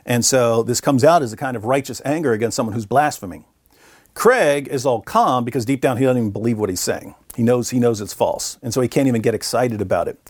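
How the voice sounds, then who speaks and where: Animated middle-aged man telling a story. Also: mid-range voice, a little fast, no room sound, studio quality. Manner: animated, acts out quoted voices. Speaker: interview guest. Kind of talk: conversational storytelling.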